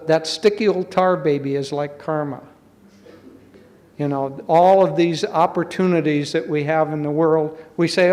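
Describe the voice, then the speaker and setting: A man who teaches spirituality, explaining slowly and gently and telling a folk tale to make a point. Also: a little high. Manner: slow, measured, gently explaining. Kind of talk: spiritual talk with storytelling. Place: college hall.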